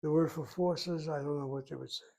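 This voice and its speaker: A man teaching a language class, explaining slowly and methodically and repeating words to break them into syllables. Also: a little high, fairly even intonation, gravelly, a little mellow. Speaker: Hebrew teacher. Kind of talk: classroom lecture.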